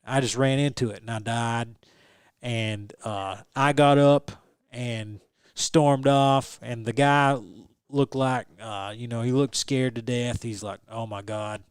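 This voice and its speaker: A young adult man, a guest telling a story in an animated, restarting way. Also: medium pitch, slow pace, smooth, no echo, clean studio sound. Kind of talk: casual storytelling interview.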